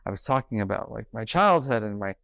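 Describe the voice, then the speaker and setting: A middle-aged man giving a conference keynote, telling stories and acting out quoted dialogue in an animated way. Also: lowish voice, brisk, gravelly, no room sound. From New York. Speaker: keynote speaker. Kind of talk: conference talk, storytelling. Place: conference stage.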